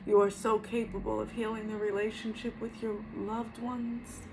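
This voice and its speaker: A middle-aged woman, a spiritual healer, gives a personal testimony to the camera, telling her own story earnestly and reflectively and often repeating her phrases. Her voice is a little high, with background noise in the recording.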